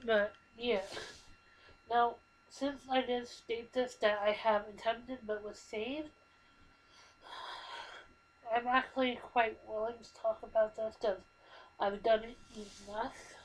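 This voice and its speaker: A woman in her twenties speaking to her camera in a halting, earnest, emotional way, telling a personal story. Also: fairly high pitch, steady tone, slight background noise, low-quality recording. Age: 20s. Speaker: vlogger. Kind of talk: confessional personal talk to camera. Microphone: computer microphone.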